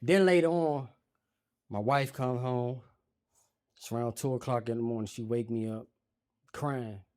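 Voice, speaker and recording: A man's voice: medium pitch, unhurried, pauses often. A man doing stand-up storytelling on a comedy stage, acting out quotes in a raised voice. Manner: animated, acts out quotes in raised voice.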